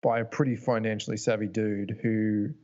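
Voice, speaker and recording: A young Australian man co-hosting a podcast, explaining his points in a measured, casual way. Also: on the low side, level tone, dark tone, dull audio. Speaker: podcast co-host. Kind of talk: casual chat.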